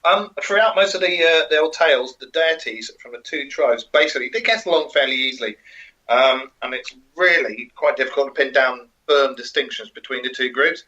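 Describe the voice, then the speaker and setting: A man's voice: medium pitch, brisk, pushed and bright. A man co-hosting a casual podcast, reading out notes with many ums and joking asides. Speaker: co-host. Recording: muffled lo-fi audio.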